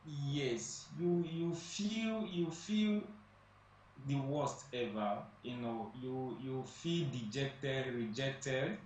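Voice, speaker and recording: A man's voice: mid-range voice, animated, extremely slow, a little mellow. A man speaking as a guest on a studio talk show, emphatic and repeating phrases for stress. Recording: echoey distant room mic, faint noise.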